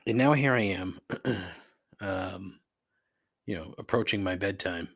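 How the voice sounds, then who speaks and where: A man's voice: low voice, fairly even intonation, moderate pace, vocal fry, long pauses, a bit bright, husky, dry recording, clean studio sound. A man hosting a solo podcast, ranting in a sarcastic, profane, exasperated way. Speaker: podcast host. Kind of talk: casual solo podcast rant.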